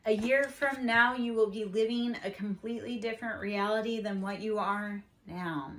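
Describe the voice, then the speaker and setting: A woman with a mid-range, slightly bright voice speaks at a normal pace over a faint hiss or hum. She's hosting a spiritual channel, giving a casual tarot reading and earnestly encouraging viewers as she addresses them directly.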